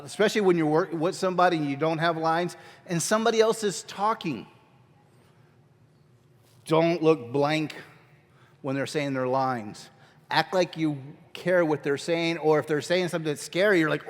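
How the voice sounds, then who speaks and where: Chatty man teaching drama in a reverberant hall. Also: on the high side. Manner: joking, chatty, often restarts sentences. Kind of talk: casual workshop instruction. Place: church hall. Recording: long reverb of a large hall.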